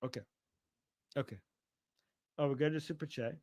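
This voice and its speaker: A man's voice: fairly high pitch, normal speed, darkish tone, dry recording. A man hosting a casual political livestream, talking in a sarcastic, mocking way and swearing freely.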